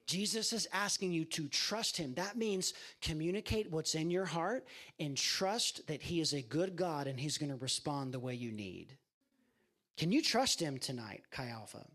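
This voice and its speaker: A man's voice: a little high, lively intonation, moderate pace, a bit bright. A man preaching an impassioned sermon to a campus ministry, speaking directly to his listeners. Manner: impassioned, addresses listeners as guys.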